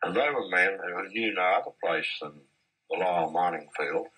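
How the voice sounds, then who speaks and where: Deep husky man reminiscing. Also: lively intonation, sharp tone, rough recording. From Australia. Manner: measured, anecdotal, with occasional restarts. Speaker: interviewee, former mine boss. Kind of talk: reminiscing storytelling in an interview. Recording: 1970s archive interview.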